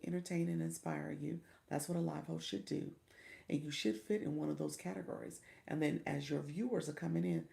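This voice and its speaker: Low, gravelly woman hosting a livestream. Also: darkish tone. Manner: chatty, greets viewers by name, stumbles over pronunciations; encouraging, coaching tone with repeated "okay?". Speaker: livestream host and coach. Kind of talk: casual livestream chat.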